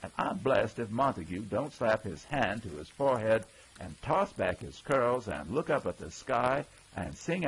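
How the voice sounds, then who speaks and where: A man narrating a folksy old-time story, with lively character voices. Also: fairly low pitch, husky, poor audio. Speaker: audiobook narrator.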